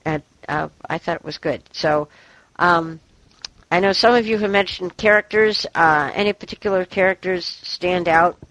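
A woman talking casually about a book in a group discussion, hesitant and halting, with many fillers. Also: fairly low pitch, a bit bright, no echo, poor audio. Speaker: book club member.

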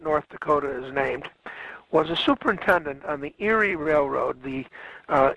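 A man's voice: a little high, a bit bright, low-quality recording. A man lecturing a class on history, rambling along and correcting himself with frequent fillers.

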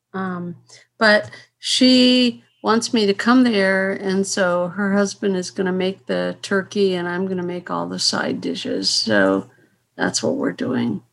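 A woman's voice: mid-range voice, lively intonation, takes it slowly, gravelly, a bit bright. An older woman leading a casual group call, talking in a hesitant way with many restarts.

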